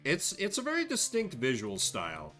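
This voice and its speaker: A man's voice: mid-range voice, wildly swooping pitch, moderate pace, bright, forceful tone, soft background music. A man streaming a game, making wry, dry asides as he reads the game text aloud in casual commentary.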